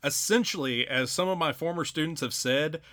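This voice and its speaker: A man's voice: fairly high pitch, normal speed, sharp tone, no room sound. A man who teaches writing, explaining his approach to students' writing in an earnest, explanatory way. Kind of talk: casual conversation about teaching.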